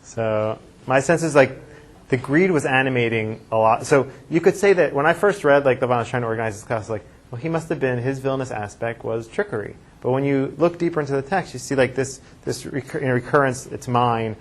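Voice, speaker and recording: A rabbi teaching a classroom lecture, thinking aloud and reading verses aloud with emphasis, with class discussion. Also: male voice, medium pitch, a little fast.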